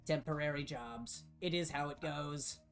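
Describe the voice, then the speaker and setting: A man's voice: a little high, a little slow, fairly bright tone, soft background music. A man voicing a formal male robot scavenger who speaks stiffly, without contractions.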